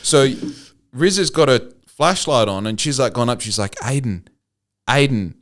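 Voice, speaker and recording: Man, Australian accent, podcast host, casual storytelling, animated, laughing, middle pitch. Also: moderate pace. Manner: animated, swearing, laughing while telling a story.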